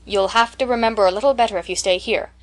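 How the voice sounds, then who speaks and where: A stern, stiff elderly spinster with a firm, scolding delivery, as a woman narrator plays her. The tone stays proper and clipped, with a clear storybook reading quality. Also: fairly high pitch, normal speed, natural voice. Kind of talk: audiobook character reading.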